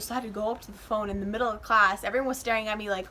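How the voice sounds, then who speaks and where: A teenage girl telling a casual storytime to her phone camera, animated and swearing freely as she acts out the people in it. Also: medium pitch, rapid-fire, a little hiss or hum. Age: teens. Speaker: vlogger.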